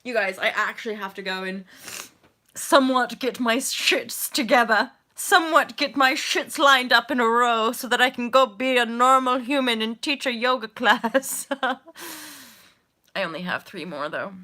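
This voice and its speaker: A woman in her thirties chats on a casual livestream as a yoga teacher and host. Her voice is bright and sits a little high. She speaks bluntly, swears freely, and breaks into laughter often. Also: moderate pace. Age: 30s.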